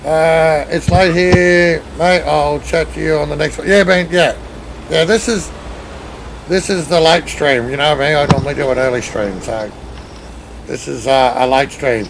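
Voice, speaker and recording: A man with an Australian accent hosts a relaxed live stream, bantering with friends while reading viewer comments aloud. His voice sits a little high and has a gravelly edge. A faint hiss lies under the talk. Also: unhurried. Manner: chatty, reads and answers chat while driving. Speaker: streamer leading a truck convoy. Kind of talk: casual live-stream chat.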